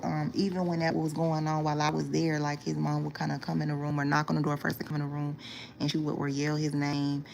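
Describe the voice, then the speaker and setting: Low gravelly young woman telling a story. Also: slight background noise. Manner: chatty, loose slang, many fillers and "right?" asides. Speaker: storytime vlogger. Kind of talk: casual storytelling to viewers.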